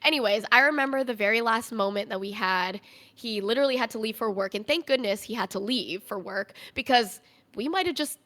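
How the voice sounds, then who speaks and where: Young woman telling a personal story, higher voice. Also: a little fast, a bit bright. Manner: conversational, frequent "like" fillers. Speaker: podcast guest, streamer.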